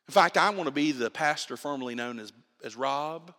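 A man's voice: medium pitch, brisk. A man preaching a sermon as pastor, emphatic and repeating himself as he builds his points. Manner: animated, emphatic preaching with repetitions and restarts. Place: church sanctuary. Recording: reverberant church hall.

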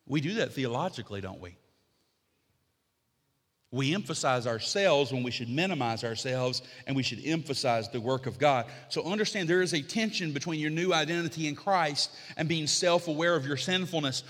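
A middle-aged man delivers a sermon from the pulpit, his voice bright and forceful. He climbs into emphatic, repeated declarations, then drops to a calm, confiding teaching tone. A long reverb from the large sanctuary trails behind every phrase. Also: fairly high pitch, moderate pace. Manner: builds to emphatic, rising repetition then drops to quiet conversational teaching. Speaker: pastor.

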